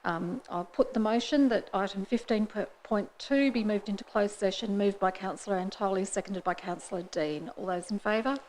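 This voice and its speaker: A woman mayor chairs a formal council meeting in a council chamber, speaking into a desk microphone with brisk procedural talk and light asides. Her voice is medium-pitched and a little mellow, and the low-quality recording has slight background noise.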